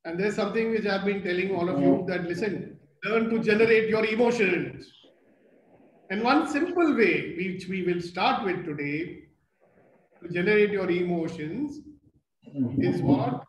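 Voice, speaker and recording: Older man, Indian English accent, high voice, playful storyteller, live group talk, roomy echo with faint hiss. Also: expressive, measured pace. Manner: playful, storytelling, asks the audience questions. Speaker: motivational speaker. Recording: echoey room with faint noise.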